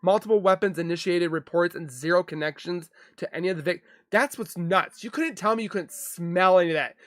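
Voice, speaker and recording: A young man hosting a casual livestream, reading viewer comments aloud and reacting in a loose, chatty way with quick asides and restarts. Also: high-pitched, a bit bright, no echo. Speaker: livestream host reading chat. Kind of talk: casual live chat.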